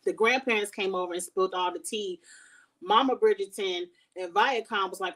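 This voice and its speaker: Blunt, animated woman recapping a show. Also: medium pitch, moderate pace, distant mic. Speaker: TV show reviewer. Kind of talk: casual recap chat.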